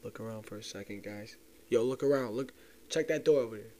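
A young man with a low-leaning, darkish voice rants on his own podcast at a slightly fast clip. The tone is loose and profane, and he speaks to his listeners directly, almost conspiratorially, as if sharing something secret.

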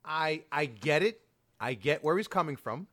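A man co-hosting a wrestling podcast in casual chat, restarting sentences and rushing when mocking. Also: on the high side, expressive, a bit bright. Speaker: podcast co-host.

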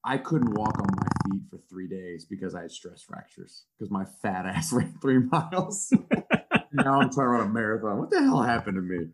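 Man, 30s, lowish voice, football coach, profane, self-mocking, casual storytelling. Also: lively intonation, moderate pace, a little hiss or hum.

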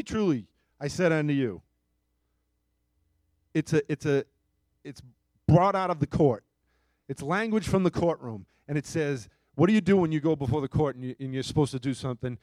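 A man preaching a sermon and telling a story, his voice swinging between hushed moments and loud, emphatic bursts. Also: on the high side, no room sound. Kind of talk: sermon testimony.

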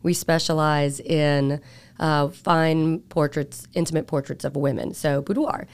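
A woman who runs a boudoir photography studio, talking candidly and relaxed as a podcast guest. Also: sits low, unhurried, gravelly, clean tone. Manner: relaxed, candid, laughs easily. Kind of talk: casual interview chat.

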